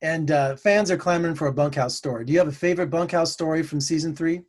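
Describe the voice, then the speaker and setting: A man with a notably high voice conducts an entertainment interview. He asks chatty, upbeat questions and keeps things light. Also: fast.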